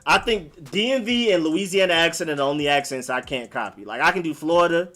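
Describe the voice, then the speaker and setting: A man's voice: fairly high pitch, lively intonation, brisk, sharp tone. A young man from Maryland raised in Atlanta, hosting a casual live stream in a loose, slangy way and answering viewers. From born in Maryland, raised in Atlanta. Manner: loose and conversational, slangy, lots of "like" and "y'all".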